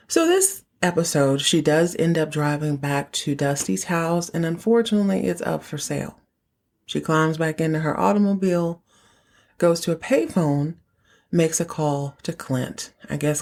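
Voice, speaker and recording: A woman hosts a casual recap podcast, her voice sitting a little low. She talks in a chatty way and drops playful asides into the story. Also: animated, normal speed, vocal fry, darkish tone. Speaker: podcast host.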